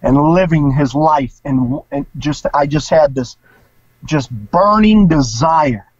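A middle-aged man shares his story in a relaxed, emotional way and drops casual slang. His voice sits a little high. The sound is dry and dull, a bit lo-fi. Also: slow pace, dry recording. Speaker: guest, former priest. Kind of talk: personal testimony in casual interview.

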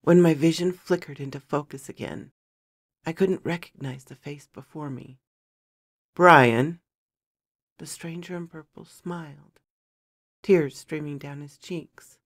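A woman narrating a first-person fantasy story in a measured, dramatic storytelling manner. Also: low voice, steady tone, mellow, no room sound, studio quality.

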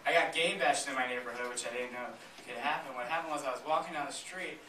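A man performing a stand-up comedy set on a theater stage, telling deadpan stories with sudden loud punchlines while the audience laughs. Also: medium pitch, fast. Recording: roomy, distant, noisy live club recording.

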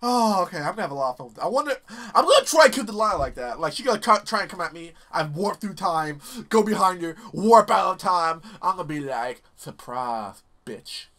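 A young man hosting a let's play, commenting excitably on his gameplay, laughing and swearing often. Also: high voice, quick pace, hardly any pauses. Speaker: gaming channel host. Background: game music and sound.

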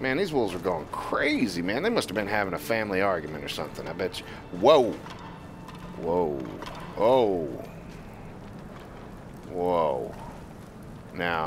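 A man's voice: lowish voice, noisy background. A man streaming a video game, rambling and joking in casual commentary and talking back to the characters on screen. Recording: game music playing under the voice.

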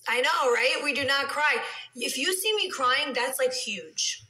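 New woman in her thirties, phone live stream, bright tone, echoey room. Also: high-pitched, lively intonation, a little slow. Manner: chatty, swings into soft whispers and heated rants. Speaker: reality TV personality on a live stream. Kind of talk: casual live-stream chat reading comments.

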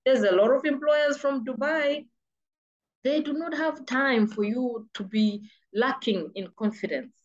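A woman's voice: sits high, unhurried, lo-fi sound. A woman from Malawi with a British-sounding accent, giving emphatic, insistent freelancing advice as a vlogger who repeats words for stress. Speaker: freelancing coach. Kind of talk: motivational advice talk.

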